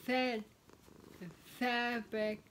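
A woman vlogging casually at home, practicing words slowly and carefully, one at a time. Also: a little high, flat delivery, fairly bright tone, a little hiss or hum. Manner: slow, careful word-by-word practice; chatty, talks to her cat. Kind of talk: casual vlog and speech practice. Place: home, with a cat nearby.

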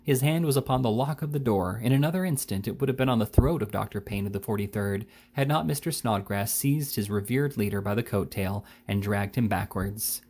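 A man reading a classic novel aloud in a measured, unhurried way. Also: on the low side, a little mellow. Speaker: reader.

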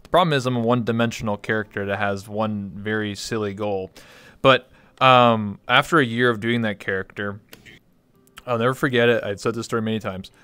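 Candid rambling man with a smooth voice. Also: lowish voice, fairly even intonation, brisk, bright, forceful tone, no room sound. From Canada. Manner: candid, rambling storytelling with many fillers. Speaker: interview guest. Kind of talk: casual conversation.

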